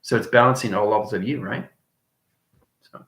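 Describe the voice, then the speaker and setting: Man, rambling spiritual monologue, lowish bright voice, echoey room. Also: moderate pace. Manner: rambling, chuckles often, jumps between soft and loud. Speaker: channel host.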